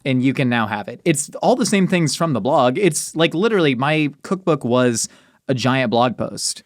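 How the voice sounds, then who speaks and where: A man hosts a podcast with a mid-pitched voice, joking wryly and poking fun at himself in easy conversation. The sound is dry and close to the mic. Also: expressive, moderate pace, dry recording. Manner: wry, joking, self-deprecating. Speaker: podcast host. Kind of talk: casual podcast chat.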